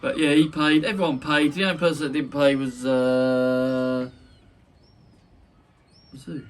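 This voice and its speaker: A man's voice: medium pitch, little pitch movement, measured pace. A man hosting a casual podcast chat, boisterous, joking and sweary. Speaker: podcast host. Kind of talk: casual banter. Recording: distant mic with faint noise.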